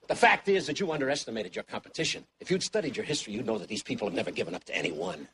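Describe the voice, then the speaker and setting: An actor playing a defiant American soldier held prisoner, speaking with contempt. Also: male voice, medium pitch, fairly bright tone, a little hiss or hum. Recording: film clip with faint ambience.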